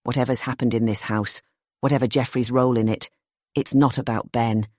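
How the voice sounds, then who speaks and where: A narrator reading a suspense thriller in a tense, measured voice of middling pitch. The recording is dry and close with no room sound. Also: fairly even intonation, a little mellow, dry recording. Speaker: audiobook narrator.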